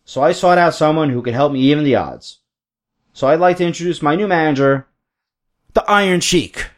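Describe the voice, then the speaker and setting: A man's voice: a little high, a little fast, pitched above the performer's own voice, lightly acted. A man voicing a frustrated male wrestler who airs his grievances. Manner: aggrieved complaining.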